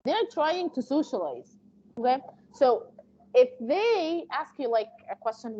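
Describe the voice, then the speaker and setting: Female instructor giving an online class over a lo-fi call, high pitch and soft tone, explanatory and loose. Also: very animated, unhurried, breathy edge. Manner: explanatory, with frequent fillers and restarts. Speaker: medical interpreting instructor. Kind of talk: live online class lecture. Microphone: video call. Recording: muffled lo-fi call audio.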